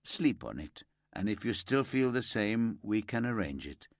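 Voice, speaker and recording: A man voicing a low, careful detective inspector. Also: big pitch swings, measured pace, dry recording, studio quality. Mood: gentle. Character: weary male detective inspector, gentle and careful.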